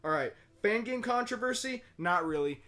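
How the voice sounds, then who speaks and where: A man's voice: sits high, animated, normal speed, sharp tone. A young man co-hosting a podcast, rambling goofily and laughing between bits. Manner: goofy, laughing, loose rambling. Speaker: podcast co-host. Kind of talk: casual podcast chat.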